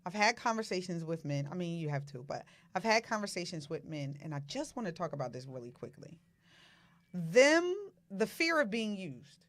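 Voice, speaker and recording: A woman's voice: lowish voice, sing-song, moderate pace, fairly bright tone, no echo. A woman co-hosting a casual talk show, asking pointed questions in a playful way. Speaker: co-host.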